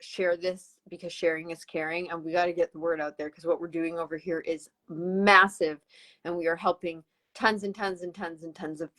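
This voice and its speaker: A woman's voice: flat delivery, moderate pace, a bit bright, rough recording. Upbeat West Coast Canadian woman. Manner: upbeat, enthusiastic, pitching. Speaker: live stream host. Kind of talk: live-streamed sales presentation. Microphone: computer mic on a live video call.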